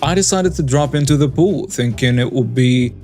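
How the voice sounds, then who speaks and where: A man in the middle of his range reads first-person stories aloud in a steady, scripted narration. A faint guitar track plays quietly beneath his voice. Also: medium pitch, normal speed. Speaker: story narrator.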